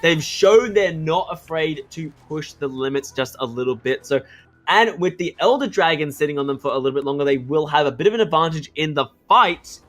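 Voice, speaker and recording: A man with an Australian accent giving excitable play-by-play commentary on a school esports match, shouting at the big plays. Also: on the high side, brisk, soft background music. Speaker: esports caster.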